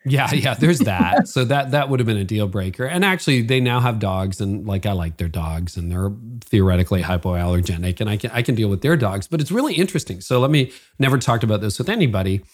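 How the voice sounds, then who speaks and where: Middle-aged guy hosting a podcast, lowish voice, chatty and self-deprecating. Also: animated, fast, hardly any pauses. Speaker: podcast host. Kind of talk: casual interview chat.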